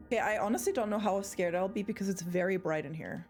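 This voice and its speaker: A young woman streamer chatting casually and excitedly while she plays a game, swearing freely. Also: fairly low pitch, brisk, few pauses, soft background music. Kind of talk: casual live-stream chat while gaming.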